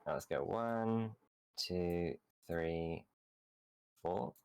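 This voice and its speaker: Chatty brit guy with a really low voice, laid back about his turn. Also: very slow, creaky, a little mellow, clear, resonant tone. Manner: chatty, upbeat. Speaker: board game player. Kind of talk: casual chat.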